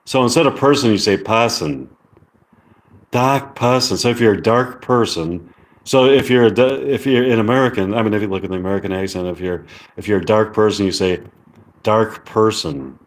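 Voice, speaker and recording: A man on a casual live stream, reading viewer comments aloud in a halting way. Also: on the low side.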